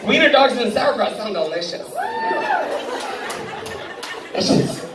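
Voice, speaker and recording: A woman's voice: on the high side, animated, slow pace, crowd noise. A woman doing a stand-up comedy set, brash and profane, often laughing through her punchlines. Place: large indoor hall at a live benefit show. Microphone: phone camera from the audience, far from the stage. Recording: echoey hall recorded from far off. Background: audience laughter and room noise.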